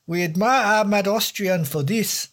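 Guy doing a norwegian villager, put-on norwegian accent, broken english, slow and blunt. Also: sits high, a bit bright, pitched above the performer's own voice. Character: gruff Norwegian villager and boatman, blunt, plainspoken.

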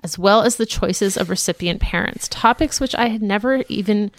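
A woman's voice: mid-range voice, moderate pace, slight background noise. A woman co-hosting a podcast, chatting in a friendly, easygoing way and reading listener emails aloud. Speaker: podcast co-host.

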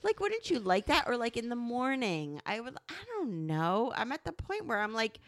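A woman's voice: fairly high pitch, normal speed, no room sound. A woman co-hosting a candid couple's podcast, talking animatedly and swearing freely as she acts out her partner's lines. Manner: animated, profane, acts out quotes. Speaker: podcast co-host.

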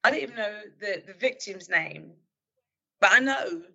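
A woman who is a former police officer, telling a personal story in an earnest, halting way with many fillers and restarts. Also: mid-range voice, expressive, creaky, sharp tone, muffled recording. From London, England.

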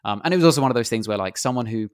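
A man's voice: medium pitch, animated, racing, dry recording, clean studio sound. A young man from England, a comedian guest telling self-deprecating, rambling stories in a casual interview.

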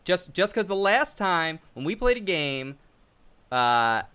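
A man on a casual podcast, ribbing his co-hosts and swearing often. His voice is bright and edgy. His pitch swings widely as he talks. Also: very animated, takes it slowly, clear, resonant tone. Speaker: podcast co-host.

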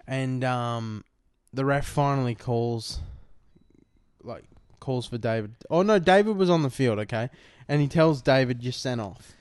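Swearing Australian bloke telling a story. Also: male voice, mid-range voice, a little slow, a little mellow, clear, resonant tone, no echo, studio quality. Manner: rambling, swears often, acts out quotes. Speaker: podcast co-host. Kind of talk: casual storytelling. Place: lounge room.

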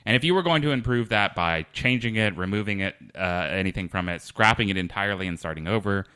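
Male podcast host, lowish voice, crisp and clear, deadpan rambling delivery. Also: fast, no room sound, studio quality. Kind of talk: deadpan comedic interview.

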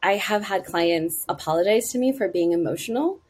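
A middle-aged woman talking about her consulting work in a casual interview, with an animated way of leaping up in pitch for emphasis. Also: a little fast, slightly rough. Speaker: guest, marketing consultant.

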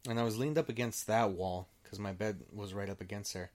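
A man's voice: lowish voice, fairly even intonation, fairly quick, a little mellow. A man telling a personal story in casual chat. He rambles, restarts often and swears freely as he acts out what people said. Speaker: storyteller guest.

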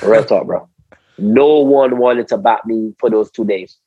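Husky Barbadian man telling stories. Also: fairly low pitch, measured pace, no room sound, lo-fi sound. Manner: animated, repeats words, slangy. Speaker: interview guest, former cricketer. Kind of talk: storytelling in casual conversation.

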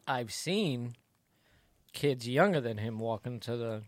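A man's voice: medium pitch, lively intonation, slow pace, no echo. Dry-voiced man trading jokes. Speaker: podcast co-host. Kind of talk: casual podcast banter.

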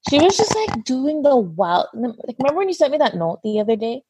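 A woman, a mother of a toddler, telling lively stories in casual chat and saying "like" a lot. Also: high voice, fairly quick, background noise. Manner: lively storytelling, heavy use of "like".

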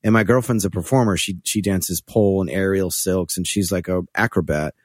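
A man's voice: deep voice, brisk, dry recording, studio quality. A man in his forties, a touring musician, chatting casually on a podcast and telling loose, profane stories, slipping into other people's voices when he quotes them. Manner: loose, profane, animated storyteller who slips into voices for quotes.

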